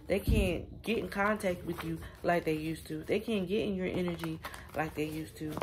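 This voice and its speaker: A woman's voice: lowish voice, moderate pace, noisy background. A woman giving a casual spiritual reading, chatty and affirming, speaking straight to her viewers. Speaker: tarot reader.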